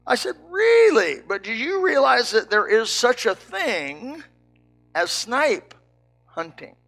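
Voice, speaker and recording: An older man, a preacher from Indiana, telling a folksy story with lively quoted dialogue. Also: very high voice, slow pace. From Indiana, United States. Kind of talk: storytelling sermon.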